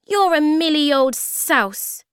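A woman voicing two tiny timid creatures who speak slowly in a high voice and swap the sounds of their words. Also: expressive, a bit bright, no room sound, clean studio sound, exaggerated voice. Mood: squeaky. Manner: slow, high, squeaky, mixes up word sounds.

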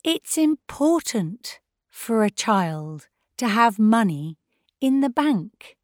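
A woman's voice: on the high side, sing-song, slow, a little mellow, no room sound, clean studio sound. A woman voicing a firm, sensible adult guardian who speaks reasonably.

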